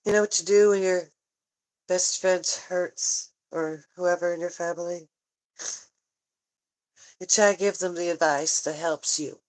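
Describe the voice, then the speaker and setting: A woman talking tearfully in a personal vlog, halting and sighing often, frank and swearing at times. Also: lowish voice, fairly even intonation, darkish tone, rough recording. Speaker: vlogger.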